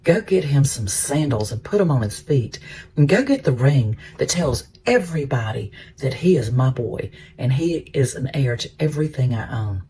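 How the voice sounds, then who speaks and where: A man's voice: mid-range voice, expressive, normal speed, warm tone, a little hiss or hum, lightly acted. A man voicing a loving father who forgives his sons, speaking in his own everyday storytelling voice. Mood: joyful.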